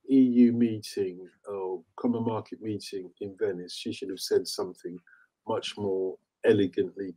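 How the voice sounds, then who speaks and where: A man in his fifties hosting a casual chat, telling animated stories and laughing easily. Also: medium pitch, husky. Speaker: host.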